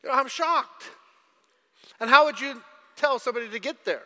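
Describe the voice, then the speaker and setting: Casting: bright, sharp-voiced male pastor, storytelling sermon, echoey church hall. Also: extremely high pitch, moderate pace. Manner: storytelling, asks audience questions.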